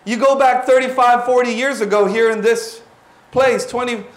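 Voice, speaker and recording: Man in his forties, animated preacher, very high voice, echoing church hall. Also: moderate pace. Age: 40s. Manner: animated, exclaiming, drops in Tagalog words. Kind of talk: sermon.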